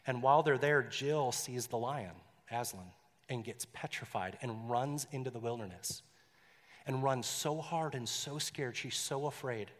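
A man's voice: medium pitch, unhurried, long reverb tail. A male pastor preaching in a conversational way, with joking asides and a story read aloud.

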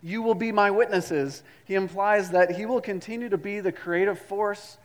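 A man's voice: sits high, moderate pace, long reverb tail. A man preaching a sermon as a pastor, reading scripture and leading the congregation in call-and-response with repetition.

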